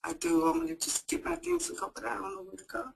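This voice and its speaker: A woman's voice: fairly high pitch, lively intonation, fast, creaky, slight background noise, rough recording. A woman acting in a training role-play as a frightened woman fleeing an abusive partner, tearful and repeating herself. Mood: anxious.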